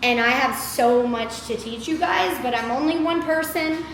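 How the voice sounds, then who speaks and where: A woman in her thirties with a twang talks straight to her viewers, upbeat and a little scattered, full of "y'all" and "girl." Her voice sits high. The room rings with echo, and a faint hum of ambience sits underneath. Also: moderate pace, a bit bright. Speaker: motivational creator. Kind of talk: casual motivational talk to camera.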